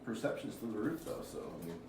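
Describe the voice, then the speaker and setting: Brief: lowish male player, patient teacher tone, roomy noisy recording. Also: sing-song, fast, far from the mic. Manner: mentoring, instructive. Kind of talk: tabletop game play. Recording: echoey room with background noise.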